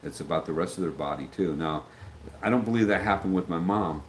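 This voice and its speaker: A man's voice: low voice, a little fast, a little hiss or hum, rough recording. A middle-aged man talking casually on a livestream, reading out viewer comments and answering them in a rambling way, sometimes losing his train of thought and acting out the voices of people he quotes.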